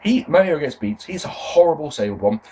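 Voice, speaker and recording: Sarcastic, animated man reviewing. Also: a little high, a little fast, a little hiss or hum, poor audio. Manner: sarcastic, sweary, exasperated. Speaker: wrestling review podcast host. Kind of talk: casual review monologue.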